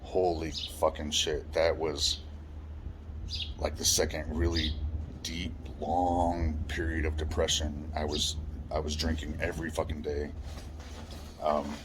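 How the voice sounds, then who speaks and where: Very deep flat male voice, blunt, swears a lot, faint birds behind. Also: a little slow, long pauses, background noise. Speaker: storyteller recounting his life. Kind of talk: personal life story monologue.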